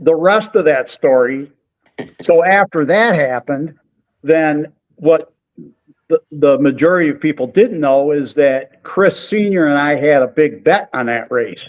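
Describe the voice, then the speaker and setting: A man's voice: on the high side, a little slow, poor audio. A man who backs race teams, telling a story in casual radio chat and acting out the quotes. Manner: animated storytelling, quotes others.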